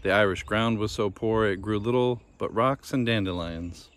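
A man reading a children's fairy tale aloud in a gentle, measured storytelling manner. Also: fairly low pitch. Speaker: storybook reader.

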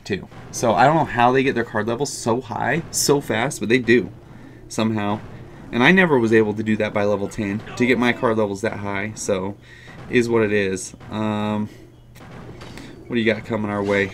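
Young man, gaming commentary, mid pitch, self-mocking, sudden loud outbursts, faint music behind. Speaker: gaming YouTuber. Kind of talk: live game commentary.

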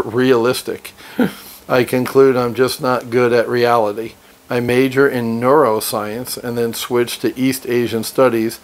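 Brash profane man reading and ranting. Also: mid-range voice. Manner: brash, profane, fired-up, laughs often. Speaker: reader and commentator. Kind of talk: reading aloud with profane motivational commentary.

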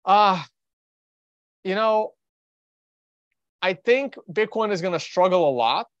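On his casual livestream about the markets, a Russian trader-host thinks aloud in a rambling, blunt, offhand manner. His voice sits high with lively intonation, and he talks slowly. No echo comes through, though the recording sounds dry and slightly dull.

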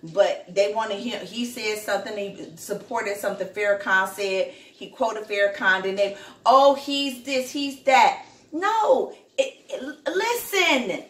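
A woman's voice: mid-range voice, measured pace, roomy sound, distant mic. A woman in her home kitchen, venting to her viewers in a blunt, profane, angry rant. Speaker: vlogger. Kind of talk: heated rant to camera.

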